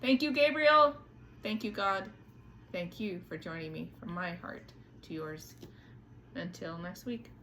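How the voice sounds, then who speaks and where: A middle-aged woman hosting a casual spiritual talk, gentle and earnest, often repeating words and restarting as she speaks to her viewers. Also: fairly low pitch, a little slow, long pauses, a little hiss or hum. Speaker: spiritual channeler and host.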